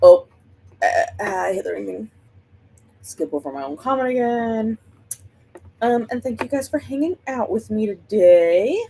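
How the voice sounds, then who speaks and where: A woman's voice: on the high side, lively intonation, a little slow, creaky, long pauses, warm tone, slight background noise, rough recording. A woman hosting a book livestream, chatting casually and rambling while she greets viewers by name.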